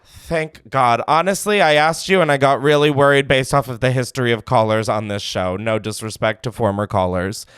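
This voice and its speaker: A man's voice: mid-range voice, normal speed, a bit bright, clean tone, no echo, studio quality. A man hosting a call-in comedy show, cracking jokes and swearing freely as he reacts. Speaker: podcast host taking calls. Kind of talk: casual comedic chat.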